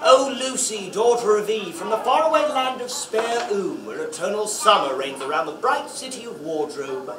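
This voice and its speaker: A man's voice: high-pitched, animated, moderate pace, few pauses, crowd noise. A man playing a nervous, fussy, guilt-ridden male faun in a live stage play, stammering and exclaiming often. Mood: fussy, delighted. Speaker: stage actor. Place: library hall before an audience. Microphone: far camera. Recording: echoey hall from far off.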